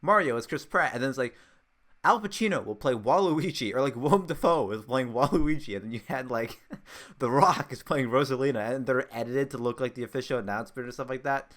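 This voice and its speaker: A man's voice: medium pitch, a little fast, fairly bright tone. A man co-hosting a casual podcast chat, rambling with frequent restarts and laughter. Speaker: podcast co-host.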